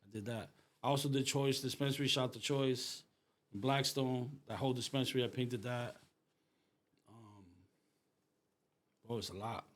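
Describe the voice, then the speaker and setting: A man's voice: mid-range voice, moderate pace, long pauses. A middle-aged man from Rhode Island, an artist, telling stories in casual street slang and saying "bro" a lot. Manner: animated storyteller, street slang, says "bro" often. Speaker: artist, guest. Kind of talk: casual conversation.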